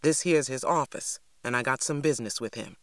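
A woman reading aloud voices a stern elderly grandmother, gruff and firm. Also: fairly quick, no room sound, clean studio sound. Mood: scolding. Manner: gruff, scolding, low.

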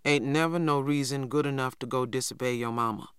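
A man voicing a large, stern, quiet older farmhand who speaks slowly and low, as a storybook reader. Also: clear, resonant tone, no echo, clean studio sound, natural voice. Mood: stern calm. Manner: slow, low and measured.

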